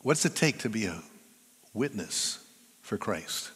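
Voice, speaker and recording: A man's voice: lowish voice, big pitch swings, slow, long pauses, a bit bright, husky. An older man preaching as a pastor, telling stories in a chatty, conversational way and drawing the congregation in. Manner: conversational, chatty storytelling that draws the audience in. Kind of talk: sermon. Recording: long reverb of a large hall.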